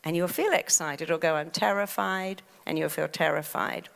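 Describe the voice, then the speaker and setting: Woman therapist giving a lively stage talk. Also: low-pitched, fairly quick, creaky. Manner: animated storytelling with acted quotes. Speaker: therapist and speaker. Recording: long reverb of a large hall.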